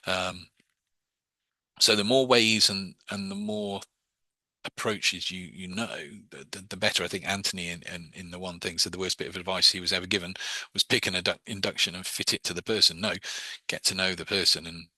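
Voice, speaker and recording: A man teaching hypnosis in a casual online class, talking conversationally with quick asides over a video call. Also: sits low, fairly even intonation, bright, forceful tone, dry recording.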